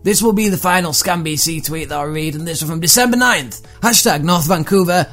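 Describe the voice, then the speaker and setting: A man's voice: fairly high pitch, a bit bright. A man hosting a comedy podcast, riffing irreverently and profanely on news items. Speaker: podcast host. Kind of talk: comedic monologue reading tweets.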